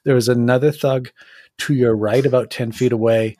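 A man narrating as game master of a tabletop game, describing the scene in measured detail. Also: medium pitch, fairly even intonation, dark tone.

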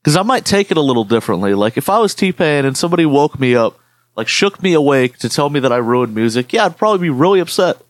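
A man's voice: on the high side, sing-song, fast talker, no room sound. A man co-hosting a podcast, telling rambling stories in casual chat with lots of swearing. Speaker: podcast co-host.

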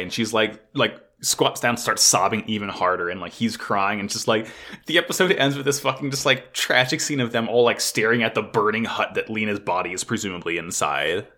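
A man co-hosting a casual podcast, recapping an anime episode in an animated way, swearing often and filling with "like". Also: lowish voice, a little fast. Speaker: podcast co-host.

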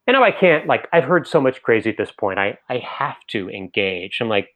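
Deadpan man telling a story. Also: mid-range voice, fast talker, few pauses, rough recording. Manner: dry, deadpan comic delivery with many restarts. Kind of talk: live storytelling to an audience.

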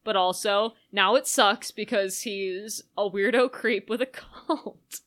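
A woman's voice: mid-range voice, slow, a bit bright. A woman co-hosting a casual podcast, recapping a movie with wry, opinionated remarks. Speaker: podcast co-host.

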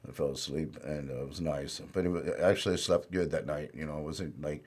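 A man's voice: very deep voice, a little fast, a little mellow. A man speaking as an interview guest, telling his life story in a plainspoken, rambling way with lots of "you know".

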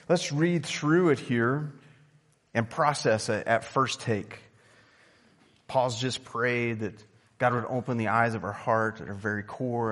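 A young adult man preaching a sermon as pastor, telling stories with animated bursts of excitement. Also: medium pitch. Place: church sanctuary. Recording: long reverb of a church hall.

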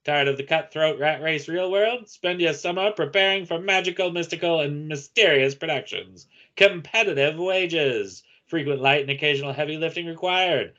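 A man's voice: a little high, normal speed, few pauses, a bit bright, muffled recording, pitched above the performer's own voice, natural voice. A man putting on the voice of an old-timey male radio announcer, reading an ad in a grand, hammy way.

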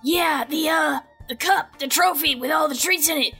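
A woman's voice: high-pitched, normal speed, pushed and bright, faint music behind. A woman voicing an eager small dog who rambles and hesitates while hunting for treats.

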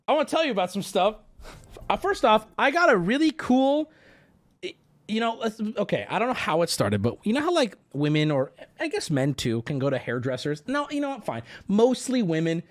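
A man streamer telling a story to his chat in a casual, animated way, swearing freely and using lots of fillers. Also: high voice.

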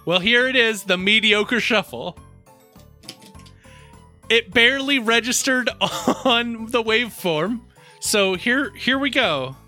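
A man's voice: very high voice, measured pace, pushed and bright, faint music behind. A man co-hosting a podcast in casual chat, playful and wordy with a mock-formal streak. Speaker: podcast co-host.

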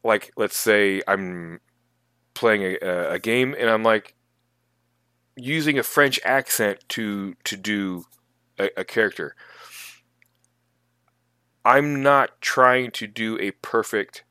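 A man co-hosting a podcast, chatting casually about tabletop gaming in animated, emphatic bursts. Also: fairly low pitch, slow, pauses often, clean tone, no echo. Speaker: podcast co-host.

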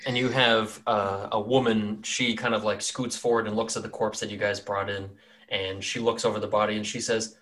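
A man's voice: on the low side, level tone, normal speed, a bit bright. A man narrating a tabletop game as dungeon master in a loose, casual, rambling way. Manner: casual, rambling with fillers and laughs.

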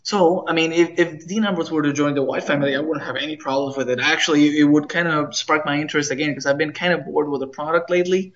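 Man, casual podcast chat, rambling and halting, somewhat high pitch, lo-fi sound. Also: steady tone, fairly bright tone. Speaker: podcast co-host. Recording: dull lo-fi podcast audio.

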